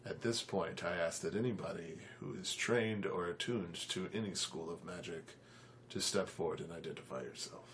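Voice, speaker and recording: A man voicing a cold, commanding male warlock who speaks in slow, low, measured pronouncements. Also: fairly bright tone, a little hiss or hum. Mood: cold, grave.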